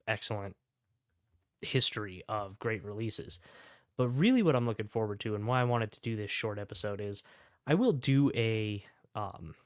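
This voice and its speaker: A man's voice: on the low side, smooth, no room sound, clean studio sound. Enthusiastic man reviewing whiskey. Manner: enthusiastic, rambling with fillers and self-corrections. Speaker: whiskey reviewer and podcast host. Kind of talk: casual review monologue.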